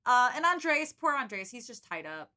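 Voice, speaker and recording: A woman's voice: on the high side, big pitch swings, unhurried, pushed and bright. A young woman co-hosting a casual book podcast, chatty and blunt, with lots of "like" and "um". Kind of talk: casual chat recapping a book.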